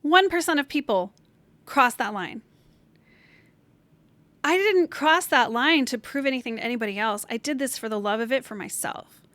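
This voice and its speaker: A woman's voice: high-pitched, expressive, normal speed, pauses often, fairly bright tone, dry recording. A woman hosting a solo motivational podcast from her bedroom, talking in an earnest, encouraging, emphatic way. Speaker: podcast host. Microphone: camera set up in room.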